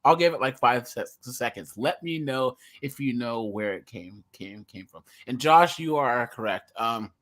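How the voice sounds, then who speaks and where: Rambling Californian man, bright voice. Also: medium pitch, measured pace, few pauses. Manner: rambling, many restarts and repeated words. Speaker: podcast co-host. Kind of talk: casual chat.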